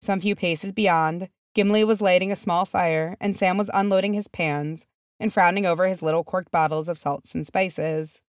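A woman reading a fan fiction chapter aloud as narrator, measured and steady. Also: fairly low pitch, clean tone, no echo, clean studio sound. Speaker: audiobook reader.

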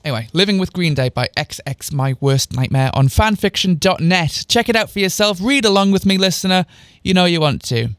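A man reads fan fiction aloud with heavy mock drama, stopping for sarcastic asides. His voice sits high and leaps around a lot. The recording is dry and close. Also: lively intonation, fairly quick, hardly any pauses, a bit bright, dry recording. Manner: mocking, exaggerated dialogue voices. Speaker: comedic reader of fan fiction.

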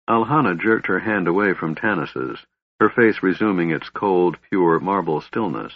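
A man narrates a fantasy audiobook with a lowish, husky voice and measured pacing. The recording is dry and a bit dull, with no room sound. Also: no room sound.

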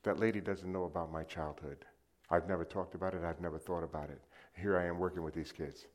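A middle-aged man delivers a sermon in a deep, low voice. He tells a personal story, calling out loudly to the congregation one moment and dropping to a hushed tone the next. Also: steady tone, fast talker. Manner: storytelling with shifts from loud to hushed. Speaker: preacher.

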